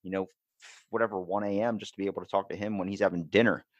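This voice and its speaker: Young Baltimore man, low dry voice. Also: quick pace, no room sound, dull audio. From Maryland, USA. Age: 20s. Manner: animated, swears freely, acts out quotes. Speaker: podcast host. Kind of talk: casual chat.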